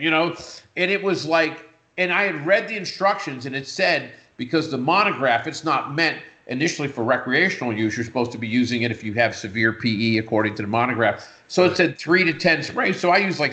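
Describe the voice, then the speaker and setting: Middle-aged male guest, bright and edgy tone, lively storyteller whose pitch shoots up for quoted reactions. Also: fairly quick. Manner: animated anecdote-telling, leaps high when quoting himself. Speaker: interview guest, retired businessman. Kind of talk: casual storytelling.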